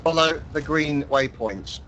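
A man leading a squad on gaming voice chat, brisk and giving quick orders. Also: on the high side, a bit bright, slight background noise, poor audio. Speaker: squad leader and stream host.

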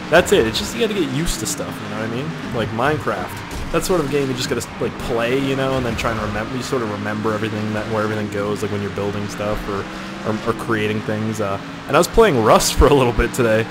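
A young Canadian man with a Canadian accent giving casual let's-play commentary, excitable and profane, yelping and swearing while he plays. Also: on the low side, quick pace. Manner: excitable and profane, yelps and swears at other cars. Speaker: gaming YouTuber. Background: game music and car engine sounds.

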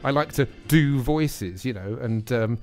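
A man's voice: medium pitch, lively intonation, unhurried, faint music behind. A man playing a stammering, posh-voiced nervous student. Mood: flustered. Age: young adult. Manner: stammering, wittering, pompous posh phrasing. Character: nervous young male drama student in posh put-on voice. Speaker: radio sketch actor.

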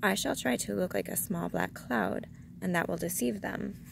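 A woman voicing a gentle, simple-minded male bear in a storybook reading. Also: medium pitch, moderate pace, vocal fry, background noise. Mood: thoughtful.

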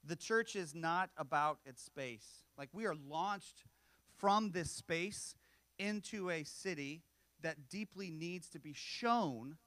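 A man in his forties delivering a sermon like a chat with friends, breaking off into jokes and asides. His voice sits a little high for a man. The sound is dry and close, with no room echo. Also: takes it slowly, a bit bright. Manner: conversational, self-deprecating humor with frequent asides. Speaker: pastor.

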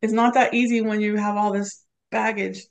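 A middle-aged woman, a podcast guest, recounting a personal story with feeling and lively retold quotes. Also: medium pitch, normal speed, vocal fry. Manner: emotional, quotes others in lively retellings.

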